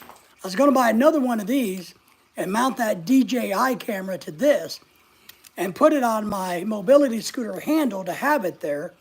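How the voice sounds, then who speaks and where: A woman's voice: medium pitch, lively intonation, moderate pace, husky. A woman, no longer young, hosting a rambling, chatty live stream and reading out viewer comments as she goes. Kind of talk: casual live-stream chat.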